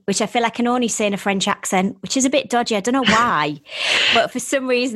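A woman's voice: a little high, expressive, brisk, fairly bright tone. A woman guest on a podcast, talking in a cheerful, jokey, bubbly way. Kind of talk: casual chat.

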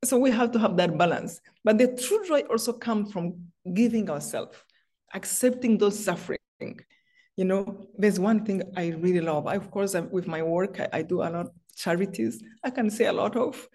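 Speaking in a mid-range, slightly mellow voice, this middle-aged woman from Rwanda is a guest author on a faith-based interview. Her storytelling is heartfelt and personal, marked by frequent restarts.

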